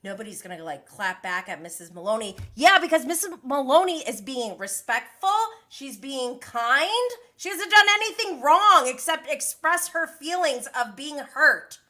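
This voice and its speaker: A woman in her thirties recapping a reality show on a live stream, animated and exasperated, now and then putting on the cast members' voices. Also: high-pitched, moderate pace, hardly any pauses. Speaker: reality TV commentator.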